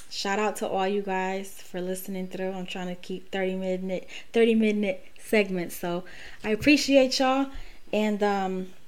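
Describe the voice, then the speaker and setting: Relaxed woman hosting a solo podcast. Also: mid-range voice. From Dominican Republic. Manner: relaxed, thankful, loose with fillers. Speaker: podcast host. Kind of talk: casual solo podcast chat.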